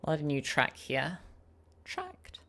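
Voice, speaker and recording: A woman streamer chats casually in a naturally low voice, padding her talk with many fillers. She sounds self-conscious, and her pitch moves in a lively way. Faint music plays underneath. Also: normal speed. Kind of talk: casual chat while recording voice lines.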